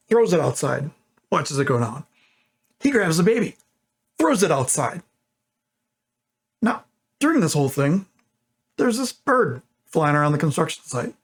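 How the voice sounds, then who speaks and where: A man's voice: a little high, a bit bright, husky. A man telling a long joke casually, rambling and correcting himself in digressions, speeding up during asides. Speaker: channel host.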